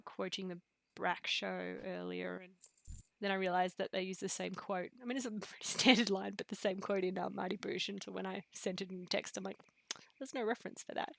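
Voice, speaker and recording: A woman chatting casually on a live game stream, rambling with many fillers and dropping into soft asides. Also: medium pitch, little pitch movement, fairly quick, vocal fry. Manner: rambling, chatty, full of fillers and pop-culture quotes. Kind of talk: casual live-stream chat while gaming.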